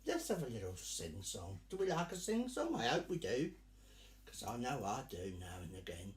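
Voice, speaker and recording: A man's voice: mid-range voice, wildly swooping pitch, normal speed, echoey room. A man performing as a drag act, hosting in a camp, theatrical manner and calling the audience dear and darling. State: sweltering in costume. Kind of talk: live virtual Pride stage address.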